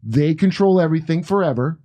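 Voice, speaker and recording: A man's voice: a little high, lively intonation, brisk, mellow. A man co-hosting a casual political chat, rambling and sarcastic, with mocking asides. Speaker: co-host.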